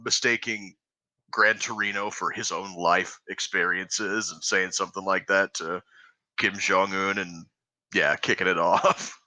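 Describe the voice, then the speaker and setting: Low voiced guy joking around on a podcast, very bright, dry mic. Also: fairly even intonation, unhurried, no room sound, low-quality recording. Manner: rambling, joking, chuckling. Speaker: podcast co-host. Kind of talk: casual comedic chat.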